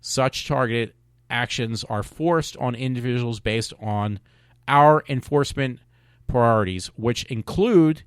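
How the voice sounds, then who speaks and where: A man hosting a podcast, ranting in a rambling, halting way with many restarts and fillers. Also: medium pitch, clean tone, no echo, studio quality. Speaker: podcast host. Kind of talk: casual opinion monologue.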